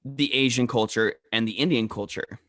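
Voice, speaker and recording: A young man chatting on a podcast, telling rambling anecdotes and slowing down to sort out the details. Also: medium pitch, a bit bright, no echo, studio quality. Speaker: podcast co-host. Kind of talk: casual storytelling chat.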